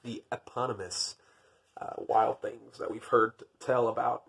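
A man's voice: medium pitch, level tone, unhurried, vocal fry, fairly bright tone, slightly rough. A man reading a picture book aloud, breaking off for dry, wry, self-deprecating jokes between the pages. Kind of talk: storybook reading with joking asides.

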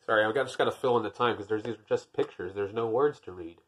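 A man's voice: fairly low pitch, fast talker, husky. A man reading a picture book aloud, breaking off for dry, wry, self-deprecating jokes between the pages. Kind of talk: storybook reading with joking asides.

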